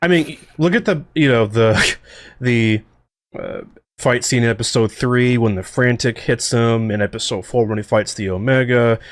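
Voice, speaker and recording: A man talking through his own series in a casual director commentary, excitable and rambling, with lots of fillers and restarts. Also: medium pitch, normal speed, no echo, clean studio sound. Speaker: series creator and co-host.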